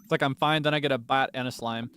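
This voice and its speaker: Over game music, a young man gives casual commentary while he plays, talking fast in a medium-pitched, fairly bright voice with fairly even intonation. He sounds a bit nervous, telling off the monsters and laughing at his own moves, and there's a slight hiss or hum.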